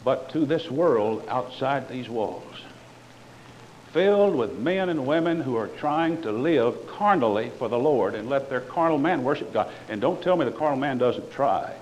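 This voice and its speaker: Fervent preacher man, wide-swinging pitch. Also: lively intonation, moderate pace, highs cut off, slight background noise. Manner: fervent, swings between loud declarations and quiet asides; sarcastic toward other preachers. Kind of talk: sermon.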